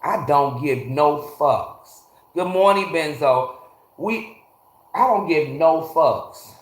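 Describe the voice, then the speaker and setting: This livestream host talks casually with viewers from a garage over his phone, swearing, ranting bluntly and calling out chatters by name. The space makes his somewhat high, expressive voice sound hollow and echoey, and he takes his time speaking.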